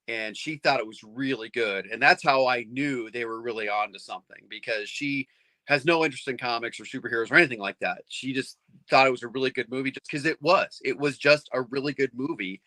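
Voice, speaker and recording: A middle-aged man chatting casually as a comics fan, rambling and excited, with lots of restarts. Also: medium pitch, a little fast, dry recording. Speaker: comics fan on a panel show. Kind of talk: casual chat.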